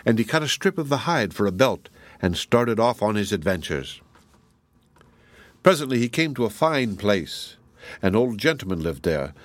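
A man narrating an old folk tale aloud in a lively storybook reading. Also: fairly low pitch, no room sound.

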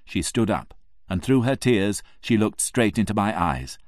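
A very low-voiced man tells the story in the first person, reading with emotion. His pitch rises and falls widely. The recording is dry and close, with no room around it. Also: animated, a little slow, a little mellow, no echo. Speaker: narrator.

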